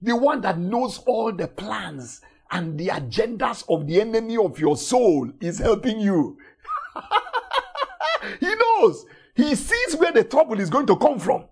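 Husky preacher with lively pitch. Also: male voice, moderate pace, hardly any pauses. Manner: emphatic, repetitive, swings from shouting to soft intimate tones. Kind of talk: sermon.

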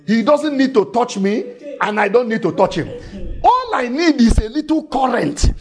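A man voicing a sick woman who is determined and hopeful, speaking urgently and loudly. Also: very high-pitched, big pitch swings, normal speed, soft background music, voice pushed up, full character voice. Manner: urgent, raised, exclaiming.

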